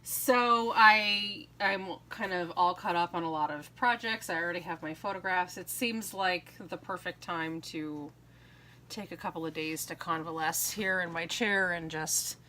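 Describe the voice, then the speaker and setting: A woman's voice: fairly low pitch, measured pace, pushed and bright. A woman in her thirties, a craft vlogger, chatting casually and giggling as she shows off mail she received. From United States. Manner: chatty, giggly, trails off with ums. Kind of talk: casual chat.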